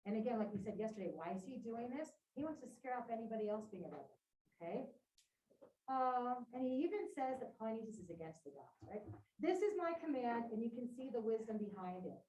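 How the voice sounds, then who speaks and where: A woman teacher reading a play aloud to her class and breaking in with casual, animated asides to her students. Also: mid-range voice, a little hiss or hum. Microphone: distant room mic. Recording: roomy, distant classroom recording.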